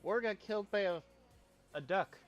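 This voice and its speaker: A man streaming a game and chatting casually, brash and swearing a lot, bursting into shouts. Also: high-pitched, moderate pace, dull audio, soft background music. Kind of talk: casual gaming chat.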